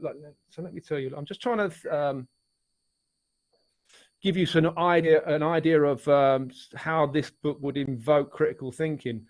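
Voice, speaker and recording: A chatty middle-aged man with an Essex English accent, talking casually as a guest. His voice sits a little higher than most men's, and he drifts from point to point, stopping and restarting mid-sentence. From Essex, England. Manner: rambling, chatty, many restarts. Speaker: musician and author guest. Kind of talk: casual chat.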